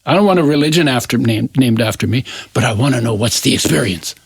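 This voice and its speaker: A man in his eighties, an interview guest, telling a personal story in an animated way and often restarting his phrases. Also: mid-range voice, fast talker, gravelly, breathy edge, dry recording. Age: 80s.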